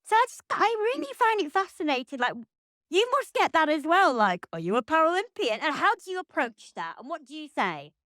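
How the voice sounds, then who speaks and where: A woman's voice: sits high, very animated, a little fast, a bit bright, dry recording, clean studio sound. Chatty woman host. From Lancashire, England. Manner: chatty and jokey, with playful asides. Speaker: podcast host. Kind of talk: relaxed podcast chat.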